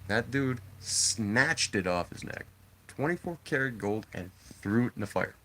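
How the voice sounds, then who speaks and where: A man's voice: mid-range voice, a little slow, a little hiss or hum. A man streaming live and telling a story casually to his chat, talking bluntly and swearing freely. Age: adult father. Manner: profane, blunt and animated.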